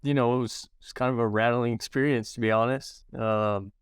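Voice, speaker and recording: A man's voice: mid-range voice, fairly even intonation, fairly quick, clean tone, dry recording, studio quality. A man who coaches baseball, chatting casually on a podcast with lots of hesitant fillers. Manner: hesitant, filler-heavy talk. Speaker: podcast host, hitting coach. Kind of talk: casual chat.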